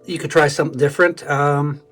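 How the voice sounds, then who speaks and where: A man's voice: a little high, fairly even intonation, brisk, fairly bright tone, faint music behind. A man teaching a casual instrument lesson, thinking aloud and correcting himself as he plays. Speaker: music teacher. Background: dulcimer playing.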